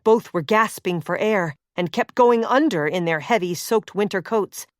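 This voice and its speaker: A woman reading a suspense novel as audiobook narrator, in a steady, measured way. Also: mid-range voice, no room sound, studio quality.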